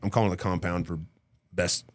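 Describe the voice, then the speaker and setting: A middle-aged man with a fairly low voice tells a story as a guest on a podcast. He talks casually and swears freely. He acts out the people he quotes in quick little voices. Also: flat delivery. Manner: casual and profane.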